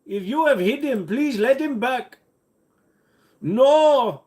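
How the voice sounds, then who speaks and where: A man's voice: medium pitch, lively intonation, very slow, creaky, a little mellow, full character voice. A man putting on a comic foreign accent, chatty and playful, during a livestream.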